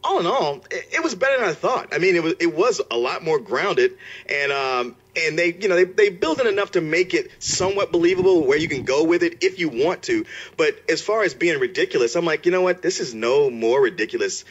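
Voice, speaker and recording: A man's voice: on the high side, animated, a little fast, husky. A man in casual movie review chat, joking and teasing his co-hosts. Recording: muffled lo-fi recording.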